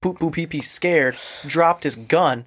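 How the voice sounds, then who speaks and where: A man on a casual podcast, telling a story with crude jokes and reading passages aloud slowly. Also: on the high side, breathy edge.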